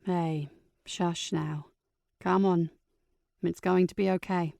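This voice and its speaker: A woman voicing a calm, caring aunt, speaking low and gently in an audiobook. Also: normal speed, clear, resonant tone, no echo, studio quality, lightly acted. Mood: soothing. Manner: low and soothing. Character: calm, caring aunt comforting her niece.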